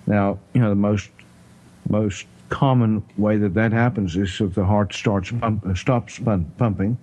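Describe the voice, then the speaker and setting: A man with a South African accent explaining health topics in casual chat, pausing often with "you know" and clearing his throat. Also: lowish voice, steady tone, darkish tone, low-quality recording. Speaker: health talk host.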